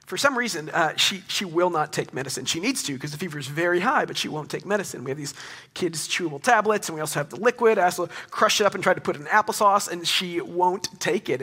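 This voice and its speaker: A man's voice: on the high side, sharp tone, breathy edge. A young man preaching a sermon to a congregation, earnest and conversational, with emphatic rising questions. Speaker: pastor.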